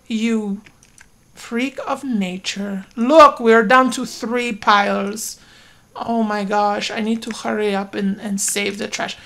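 A woman giving casual let's-play commentary, excitable and talking to her game characters, with sudden loud outbursts. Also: medium pitch, slow, vocal fry. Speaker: gaming YouTuber.

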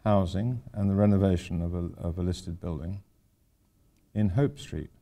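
In a university lecture hall, an older man gives students an informal architecture lecture, rambling with wry, self-deprecating asides. His voice sits low with a dark tone, at normal speed.

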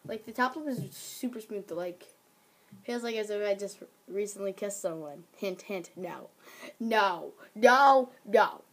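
A woman's voice: mid-range voice, unhurried, slight background noise. A teenage girl vlogging in a casual chat, talking in a giggly way and jumping from topic to topic. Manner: chatty, giggly, jumps between topics.

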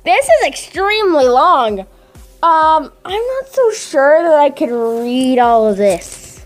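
Young-sounding woman reading fan fiction aloud: very animated, high pitch, giggles and stumbles, chats between lines. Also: slow pace, soft background music. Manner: giggly, stumbles over words, chatty asides. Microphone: desk microphone.

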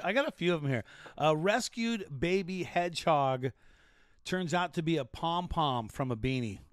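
A man's voice: on the high side, clear, resonant tone, no room sound, studio quality. A man hosting a casual show, joking and rambling through odd news stories with restarts. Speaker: show host.

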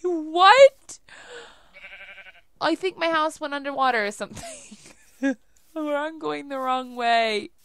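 A woman's voice: sits high, normal speed, a bit bright, dry recording. A young woman giving casual let's play commentary, chatty and laughing often as she talks to herself while playing.

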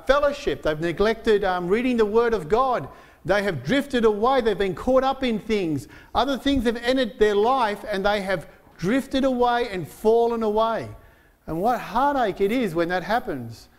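Male pastor, high-pitched, earnest sermon delivery, slows for scripture quotes. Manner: earnest, with slowed emphasis on quoted verses; frequent fillers and restarts while preaching.

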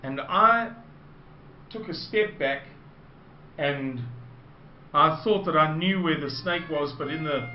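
A man with a South African accent telling a personal anecdote to listeners, slowly and with digressions. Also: fairly high pitch, a little hiss or hum. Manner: slow, digressive, unhurried storytelling. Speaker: storyteller. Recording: roomy, dull lo-fi recording.

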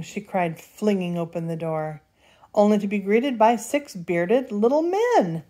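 An older woman reads a children's story aloud in a lively, expressive way. Her pitch sits in an ordinary middle range, and she paces the story with playful pauses. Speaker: storybook reader.

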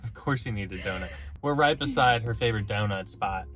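A man co-hosting a vlog, chatting in a relaxed, self-mocking way from a car. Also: lowish voice, fairly quick. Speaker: vlog co-host. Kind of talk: casual chat.

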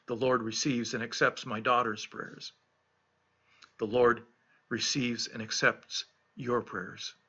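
A man's voice: medium pitch, little pitch movement, slow pace, pushed and bright, breathy edge, muffled recording. A middle-aged man, a pastor recovering from illness, giving an earnest devotional reflection on scripture, stressing and repeating key phrases.

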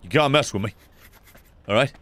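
A young man giving sarcastic, swearing commentary while playing a game, with sudden loud outbursts. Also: medium pitch, moderate pace. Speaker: gaming YouTuber. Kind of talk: let's play commentary.

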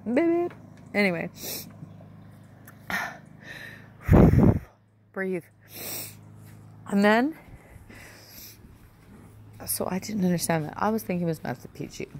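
A woman's voice: on the low side, slow, long pauses. Woman rambling through a home vlog, gets emotional, says like and right a lot, bit of noise behind. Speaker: vlogger. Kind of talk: casual vlog, home tour and personal story.

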